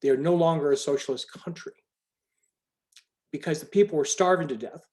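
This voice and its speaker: A man's voice: a little high, brisk, a little mellow. A man leading a group video call, talking in a rambling, emphatic way with many restarts. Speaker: call organizer.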